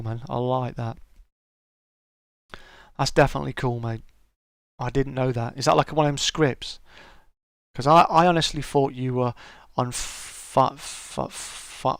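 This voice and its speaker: A man's voice: on the high side, vocal fry, no echo, clean studio sound. A middle-aged man hosting a casual live-stream chat, greeting viewers by name and calling them mate.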